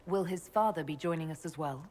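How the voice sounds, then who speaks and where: A woman playing a direct, low-voiced leader. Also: a little fast, darkish tone, a little hiss or hum, close to an everyday voice. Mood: inquiring. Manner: direct, questioning. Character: determined woman leader, the Inquisitor. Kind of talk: video game voice acting.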